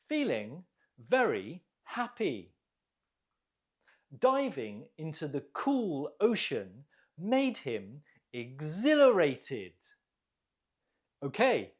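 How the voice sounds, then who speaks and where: In an online vocabulary lesson, a patient ESL teacher speaks slowly and deliberately in a mid-range voice with a very expressive melody and clear, careful enunciation. She drills pronunciation, pausing so learners can repeat, and encourages them with gentle praise.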